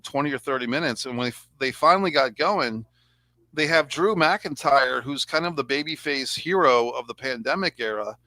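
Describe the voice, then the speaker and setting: A man's voice: mid-range voice, sharp tone, dry recording. A man hosting a casual review chat, rambling and sarcastic as he talks things through. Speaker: podcast host.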